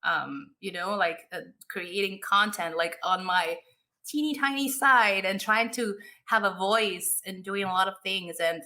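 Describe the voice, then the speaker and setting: A young woman co-hosting a podcast, talking in a casual, excited, chatty way and laughing often. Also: medium pitch, a little slow. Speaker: podcast co-host.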